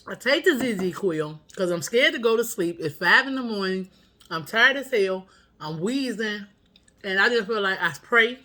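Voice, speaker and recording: A woman's voice: mid-range voice, expressive, normal speed, bright, forceful tone. A woman vlogger telling a story at home, candid and profane in a casual, chatty way.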